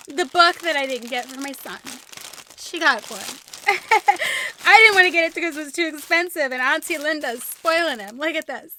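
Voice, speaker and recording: A young woman vlogging at home, unboxing gifts from a friend in a gushing, excitable way, with squeals and gasps. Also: sits high, moderate pace, slight background noise. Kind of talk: casual vlog unboxing.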